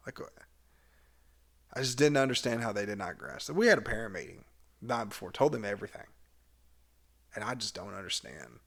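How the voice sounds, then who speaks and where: A man, a cheer coach, casually retelling a past season in a candid, animated way with some swearing. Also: fairly low pitch, fairly quick, gravelly, long pauses. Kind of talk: casual memoir storytelling.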